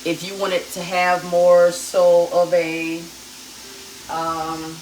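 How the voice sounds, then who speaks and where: A cooking show host with a level, low-leaning voice takes her time as she cooks and chats directly to viewers on a live stream from home. The echoey kitchen, the distant phone camera, and sizzling, frying food add background noise.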